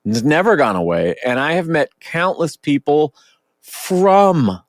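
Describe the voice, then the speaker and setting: Male podcast host, 30s, animated, profane, dry close mic. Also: fairly high pitch, a little slow, no echo. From Oregon, US. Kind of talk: casual podcast chat.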